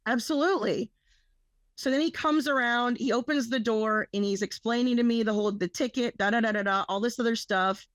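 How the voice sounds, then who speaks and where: Woman, young adult, rambling storyteller, swears freely, a bit high-pitched, dry recording. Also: a little fast, no echo. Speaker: podcast co-host. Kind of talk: casual storytelling.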